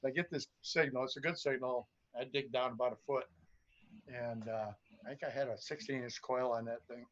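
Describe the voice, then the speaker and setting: A gold prospector tells a story casually over a video call, animatedly acting out voices and sounds in his mid-range voice at a moderate pace. It's relaxed live-stream storytelling, and the audio is muffled and lo-fi with slight background noise.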